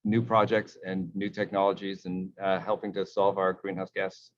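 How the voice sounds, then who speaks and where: A man with a low voice gives hesitant closing remarks, full of pauses and fillers. The audio sounds dull and lo-fi. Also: little pitch movement.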